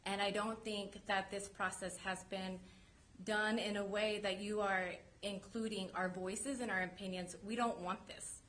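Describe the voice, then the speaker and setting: A woman's voice: medium pitch, little pitch movement, measured pace, a bit bright. A woman giving public comment at a city council meeting, earnest and direct as she presses her concerns.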